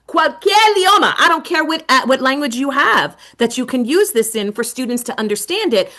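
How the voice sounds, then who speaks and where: A middle-aged woman presenting a teacher webinar, animated, with dramatic whispered asides. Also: mid-range voice.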